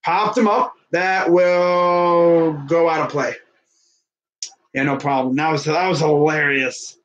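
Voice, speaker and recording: A young man calls a baseball video game in a loose, chatty way, laughing easily between pitches. His voice sits a little higher than most men's. He breaks off now and then to talk to someone off-mic. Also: flat delivery, slow, fairly bright tone, lo-fi sound. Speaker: fan commentator. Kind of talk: casual play-by-play of a video game.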